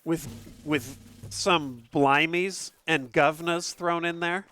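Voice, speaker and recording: A man casually commentating a game stream from an upstairs room at home, excitable and profane, laughing often. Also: fairly high pitch, takes it slowly, smooth.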